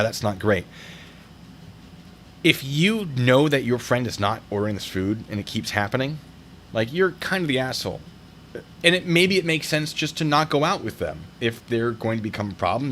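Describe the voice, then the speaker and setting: A male streamer with a lively, bouncing pitch reads reader stories aloud and riffs on them in a chatty, wry manner. His voice sounds bright and forward. He thanks viewers for donations as he goes. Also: a little hiss or hum. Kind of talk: casual live-stream commentary.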